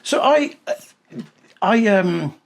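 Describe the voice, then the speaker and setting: A man's voice: high-pitched, lively intonation, extremely slow, vocal fry. A middle-aged man chatting on a podcast, telling stories at length with many ums, on a clip-on mic. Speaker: podcast co-host. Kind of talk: casual podcast chat. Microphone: clip-on mic with clothing rustle.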